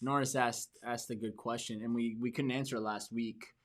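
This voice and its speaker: A man's voice: mid-range voice, fairly even intonation, moderate pace. A man hosting a podcast for entrepreneurs, giving a motivational talk with emphatic repeats and restarts. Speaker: podcast host.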